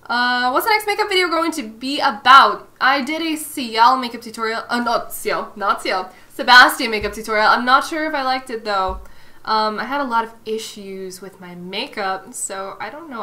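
A woman's voice: a little high, expressive, a little slow, pushed and bright. A young woman streaming from home, chatting casually and playfully as she answers her chat. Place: home room.

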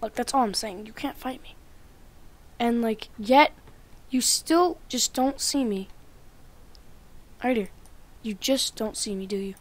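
A woman giving playful Minecraft gameplay commentary, trash-talking loudly one moment and muttering quietly the next. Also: on the high side, unhurried, long pauses. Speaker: gaming YouTuber.

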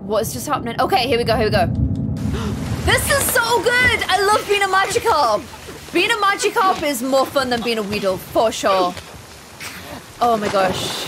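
A young woman streaming a game live, excitable, panicking and rambling with her chat. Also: on the high side, noisy background. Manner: excitable, shifts into loud panic and chatty rambling. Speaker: gaming streamer. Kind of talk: live let's play commentary.

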